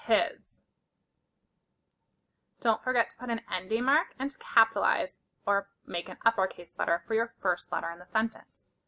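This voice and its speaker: A woman's voice: mid-range voice, normal speed, gravelly, pauses often, sharp tone. A woman teaching a spelling lesson to young children, patiently sounding out letters and praising their work. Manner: encouraging and praising.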